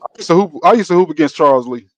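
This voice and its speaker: A man's voice: a little high, lively intonation, racing, a bit bright, dry recording. A man from Alabama co-hosting a sports debate, persistent and repeatedly trying to cut in.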